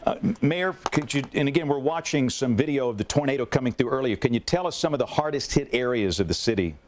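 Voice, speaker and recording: A man's voice: mid-range voice, lively intonation, fast, a little hiss or hum. A man working as a TV meteorologist, urgent and folksy, covering tornado warnings and questioning a mayor live. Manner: urgent, folksy, many fillers. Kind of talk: live severe weather coverage.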